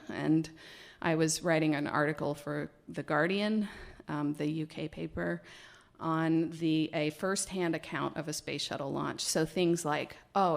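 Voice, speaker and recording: A woman biologist telling a personal story live on stage, animated and laughing, with hesitations and fillers. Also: low voice, gravelly.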